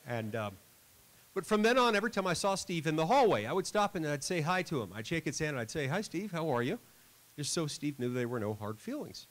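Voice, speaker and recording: A man's voice: fairly high pitch, very animated, fast talker, low-quality recording. A middle-aged man giving a school assembly speech, telling a self-deprecating story with dry humor. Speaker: senator.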